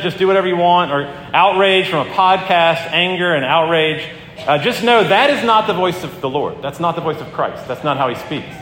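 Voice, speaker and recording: A man's voice: high-pitched, a bit bright, a little hiss or hum. A middle-aged man preaching a sermon in a conversational storytelling way, with frequent ums and restarts. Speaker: pastor. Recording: echoey hall with long reverb, faint ambience.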